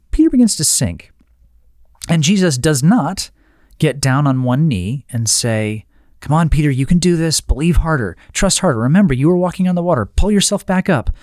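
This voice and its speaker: A man's voice: medium pitch, a little mellow, dry recording, studio quality. A man giving an earnest devotional teaching talk, often restarting phrases and checking in with "right?". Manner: earnest, with frequent restarts and tag questions. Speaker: Christian teacher.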